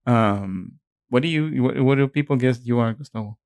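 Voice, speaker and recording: Mexican-accented podcast co-host, young adult man, relaxed chatty delivery, dry sound. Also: medium pitch, moderate pace, vocal fry, no echo. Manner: chatty, many fillers, laughs easily. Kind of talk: casual chat.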